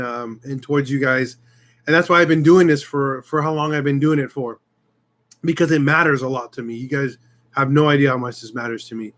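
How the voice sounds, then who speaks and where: Slightly bright and pitched on the high side, a YouTube host's voice carries a casual, heartfelt live-stream chat with his viewers. He rambles, turns emotional and frequently starts his sentences again.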